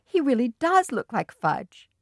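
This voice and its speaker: A woman voicing a fond, gently amused mother in a storybook. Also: sits high, big pitch swings, unhurried, gravelly, no echo, clean studio sound, pitched above the performer's own voice, heavily acted.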